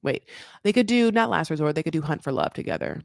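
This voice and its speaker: A woman's voice: low-pitched, animated, fast, vocal fry, dry recording, clean studio sound. A woman hosting a casual live TV recap, chatty, rambling and sarcastic. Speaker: host of a TV recap show.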